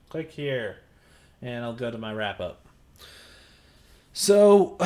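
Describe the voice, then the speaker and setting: A man giving a casual movie review, blunt and exasperated, halting as he gathers his thoughts. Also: mid-range voice. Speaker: film reviewer.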